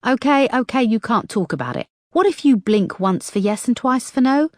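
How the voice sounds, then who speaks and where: A woman's voice: a little high, lively intonation, moderate pace, dry recording, clean studio sound, voice pushed up, natural voice. A woman narrator voicing a blunt, wisecracking female detective who talks frankly and teases her boss. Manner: frank, teasing.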